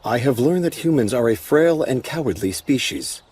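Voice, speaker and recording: An actor playing an emotionless male golem lord who speaks calmly and formally. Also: medium pitch, breathy edge. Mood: flat. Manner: calm, measured, formal. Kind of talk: anime dub acting.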